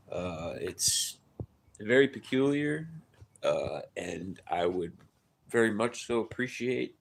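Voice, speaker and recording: A man on a live stream, rambling through a story with many restarts and tag questions, getting louder and higher as he gets worked up. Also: vocal fry, slight background noise. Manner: rambling, repeats "right?" and "dude", many restarts; grows loud and high-pitched when excited.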